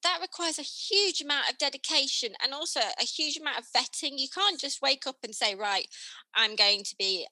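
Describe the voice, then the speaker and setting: A woman hosting a casual chat, reflective and quick to laugh along. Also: high voice, animated, bright, forceful tone, no room sound, poor audio.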